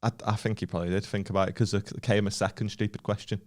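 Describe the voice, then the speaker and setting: Northern english guy on a comedy podcast, sweary, animated storytelling. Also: on the low side, rapid-fire. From Northern England. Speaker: podcast co-host. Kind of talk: casual comedic chat.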